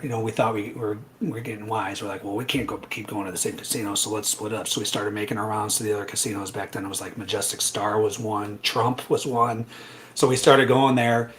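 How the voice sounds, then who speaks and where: A man casually telling a long personal story, animated, with frequent asides like "right?" and "I'm like". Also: lowish voice, brisk. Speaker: trading educator guest.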